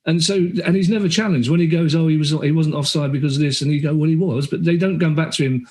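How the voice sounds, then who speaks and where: Guy on a football podcast, middle-aged, chatty and animated, does little voices for other people. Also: fairly high pitch. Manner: animated storyteller, quick asides, acts out quoted voices. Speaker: podcast guest, comedian and author. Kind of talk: casual chat.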